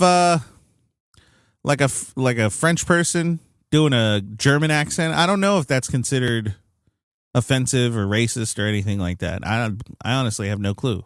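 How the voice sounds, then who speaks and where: A man's voice: medium pitch, dry recording. Rambly podcast guy, voice all over the place, swears a bunch, dead dry mic. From United States. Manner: rambling, hedging, lively and swearing. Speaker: podcast co-host. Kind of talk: casual chat.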